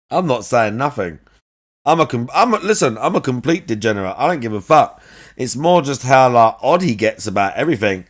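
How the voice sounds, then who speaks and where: A man's voice: medium pitch, big pitch swings, normal speed. A man mocking a clip in a reaction commentary, sarcastic, swearing and laughing often.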